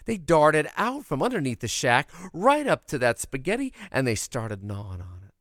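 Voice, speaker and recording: A man telling a folksy childhood tale in an animated, expressive way. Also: mid-range voice, normal speed, no room sound, clean studio sound. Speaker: storyteller. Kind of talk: oral storytelling of a childhood tale.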